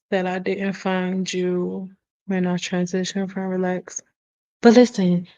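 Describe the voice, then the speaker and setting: A woman's voice: medium pitch, warm tone. A woman hosting a casual live stream, talking bluntly and passionately and swearing freely. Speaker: hair care host answering live chat. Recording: dull lo-fi stream audio.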